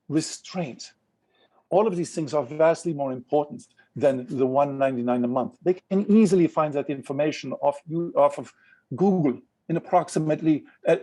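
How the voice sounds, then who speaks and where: A man's voice: a little high, warm tone, close to an everyday voice. A man doing a formal Swiss art director. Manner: formal, measured, lecturing.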